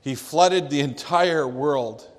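A man preaching a sermon, telling a story slowly and deliberately, with some restarts. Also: on the high side, long reverb tail. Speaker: pastor.

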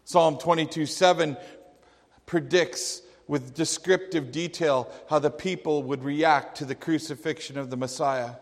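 Slow, emphatic preacher in a reverberant hall. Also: male voice, fairly high pitch, steady tone. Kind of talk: sermon.

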